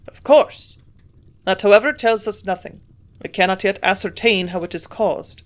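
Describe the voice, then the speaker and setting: A woman voices a shrewd old German male scientist, grunting out blunt, gruff remarks in a put-on German accent, louder than her narration. She speaks at medium pitch and normal speed, with lightly acted delivery.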